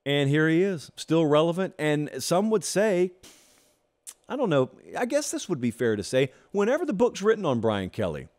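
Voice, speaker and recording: A man's voice: a little high, sing-song, moderate pace, a little mellow. A man hosting a college football talk show, delivering an emphatic, opinionated monologue with sarcastic asides.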